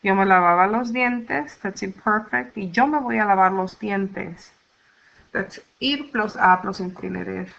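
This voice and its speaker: A woman gives a recorded lesson, laying out grammar rules step by step in a patient, deliberate teacher's voice. Her tone is bright and forward, and the recording sounds dull and lo-fi. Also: medium pitch. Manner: slow, clear teacher's explanation, sounding out syllables. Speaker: Spanish teacher.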